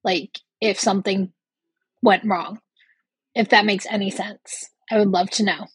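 Listener woman, husky, rambling voice-message question, dry sound. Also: medium pitch, steady tone, measured pace, dry recording. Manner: gushing, rambling, rephrasing as she goes.

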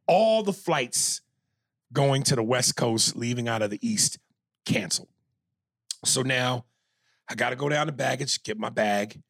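A New York man co-hosting a podcast tells a long story, cursing freely and slipping into quoted voices, keeping things animated and casual. His gravelly voice has a husky, slightly rough edge, medium pitch, and an unhurried pace with long pauses. There's no echo.

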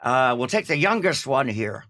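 A man putting on an Irish accent to voice a gruff male police officer giving brisk, curt orders. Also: medium pitch, big pitch swings, a bit bright. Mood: brusque. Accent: Irish, put on.

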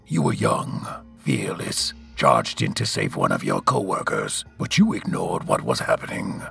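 A man voicing a grave, weary older male captain in an audio story, speaking deep, slow and half-whispered. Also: wildly swooping pitch, gravelly, fairly bright tone, slightly rough, faint music behind, exaggerated voice.

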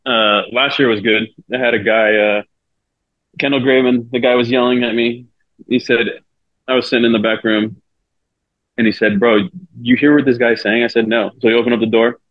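A man's voice: mid-range voice, normal speed, no room sound, highs cut off. Profane, storytelling man on a podcast. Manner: profane, animated storytelling with acted-out quotes. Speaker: guest, relief pitcher. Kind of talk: casual podcast chat.

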